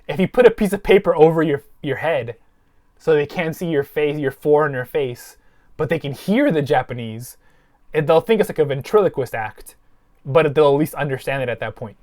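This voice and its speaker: A man hosting a podcast, telling a long story in casual, profane chat. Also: fairly high pitch. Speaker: podcast host.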